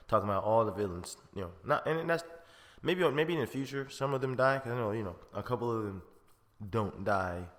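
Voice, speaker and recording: A man's voice: on the low side, a bit bright, long reverb tail. A man hosting a podcast, reviewing a film in a rambling, profane, slangy way with frequent laughs. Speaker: podcast host. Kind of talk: casual film review chat.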